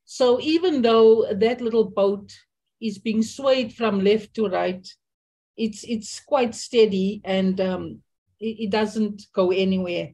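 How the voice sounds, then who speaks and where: Woman reading her poem comic real slow and thoughtful, zoom call audio. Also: mid-range voice, mellow. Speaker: workshop participant. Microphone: video call.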